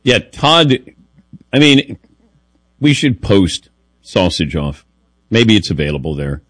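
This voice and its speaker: A man hosting a sports radio show, teasing his co-hosts in a wry, lively way and reading an ad. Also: on the low side, slow pace, no echo. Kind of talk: casual radio talk and read ad.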